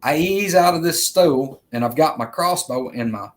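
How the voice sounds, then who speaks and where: A man's voice: fairly high pitch, expressive, normal speed. Rambling storyteller man. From Alabama, US. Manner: earnest, rambling, repeats himself, addresses viewers as guys. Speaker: vlogger telling an encounter. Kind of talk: casual storytelling.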